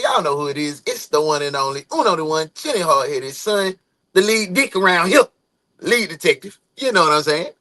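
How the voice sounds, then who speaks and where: A man's voice: a little high, brisk, poor audio. A man hosting his own show, giving casual, encouraging motivational talk to his viewers. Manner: animated, encouraging. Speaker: host.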